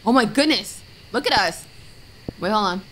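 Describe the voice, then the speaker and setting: A woman's voice: mid-range voice, animated, normal speed, fairly bright tone, slight background noise. A woman streamer playing a horror game, reading the on-screen text aloud, muttering item names and letting out jumpy, frightened exclamations. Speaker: gaming streamer. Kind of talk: let's-play commentary.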